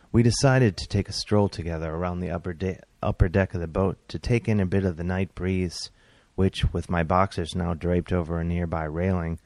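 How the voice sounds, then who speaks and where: A comedian and author narrates his own humorous tale with deadpan wryness and bursts of exasperation. His voice sits low in a dry recording.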